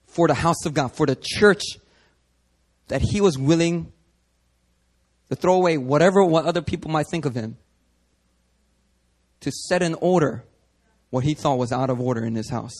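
A man preaching a sermon at a prayer meeting, animated and dramatic, moving between hushed stretches and loud bursts. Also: a little high. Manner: animated, acts out scenes, shifts from hushed to loud. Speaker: pastor.

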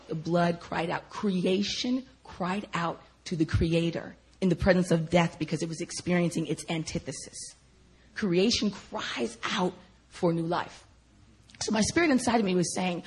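Husky woman giving a testimony. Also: on the low side. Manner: animated, laughing often, addressing listeners as y'all. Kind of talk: personal testimony talk.

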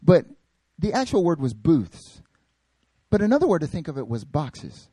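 Telling humorous stories to his congregation, a male pastor speaks at a normal speed in a husky, slightly high voice. His manner is animated and jokey, captured in clean studio sound with no echo.

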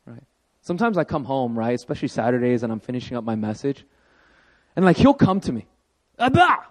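A man in his thirties preaching a sermon as pastor, telling a personal story with animated emphasis. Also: mid-range voice, fast talker.

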